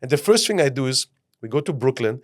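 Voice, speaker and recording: Fast-talking man telling animated stories. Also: medium pitch. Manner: animated, acts out quotes with lots of "bro" and "like". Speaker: guest, self-leadership coach. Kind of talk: casual podcast storytelling.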